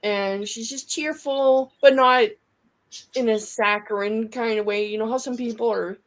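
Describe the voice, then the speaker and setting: Slow-talking enthusiastic woman chatting. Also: on the high side, steady tone. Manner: enthusiastic, rambling. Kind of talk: casual chat.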